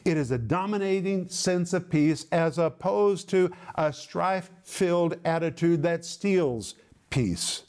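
Male preacher, slightly raised pitch, emphatic and measured in delivery. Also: a little mellow, clear, resonant tone. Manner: emphatic, lists words in slow measured cadence. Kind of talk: sermon.

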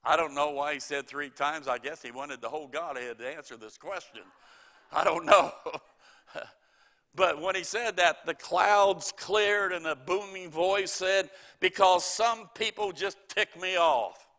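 A man's voice: fairly high pitch, unhurried, pushed and bright. A middle-aged man preaching a sermon, quoting scripture and telling folksy stories with chuckles.

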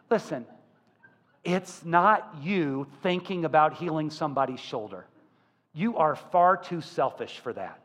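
A male pastor preaching a sermon, telling stories with lively acted-out voices. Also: a little high, measured pace. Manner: animated storytelling, acting out quoted voices. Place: church sanctuary. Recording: church hall with long reverb.

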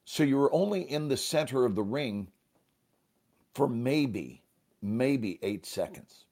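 A man, an improv teacher, explaining a game in a talk show conversation, at times chanting in rhythm. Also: mid-range voice. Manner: animated, rhythmic chanting and snapping; occasional coughs, pauses to sip water.

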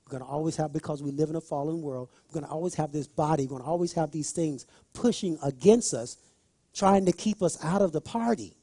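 Lively male preacher, high voice, talks straight to the congregation with loud emphatic bursts. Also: brisk, slightly rough, no room sound, studio quality. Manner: animated, repeats phrases, rises to loud emphatic bursts. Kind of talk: sermon.

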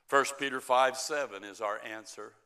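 A middle-aged man, a pastor, preaching a sermon and reading scripture in a slow, emphatic way that often drops to a softer level. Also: mid-range voice, clean tone.

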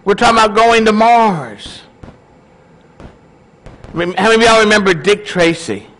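A man's voice: high-pitched, animated, normal speed, fairly bright tone, low-quality recording. A male pastor giving a casual, conversational sermon and often asking his congregation questions.

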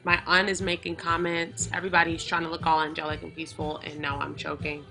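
A woman's voice: low voice, monotone, quick pace, creaky, sharp tone, soft background music. A young woman vlogging casually from a family party, chatting playfully to her viewers with laughing asides. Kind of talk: casual vlog chat.

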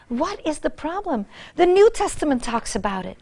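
Fervent high-voiced woman preaching. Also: big pitch swings, moderate pace. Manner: fervent, emphatic repetition, swings from soft to loud. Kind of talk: sermon.

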